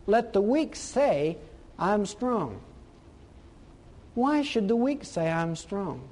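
A man's voice: high-pitched, big pitch swings, slow pace, warm tone. A man preaching a sermon, emphatic, asking rhetorical questions and repeating phrases for stress.

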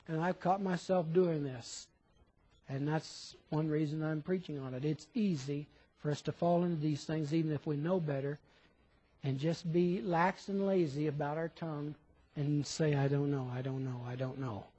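Casting: high-pitched male preacher, sermon delivery, rhetorical questions, acts out imagined listeners. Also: fairly even intonation, normal speed, warm tone, slightly rough, low-quality recording. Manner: questioning, quotes imagined listeners in shifting voices.

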